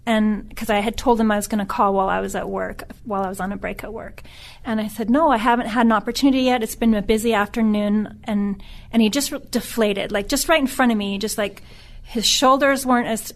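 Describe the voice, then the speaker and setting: Earnest middle-aged woman, halting telling. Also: medium pitch, steady tone. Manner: halting, with frequent restarts. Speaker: podcast guest. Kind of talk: personal storytelling.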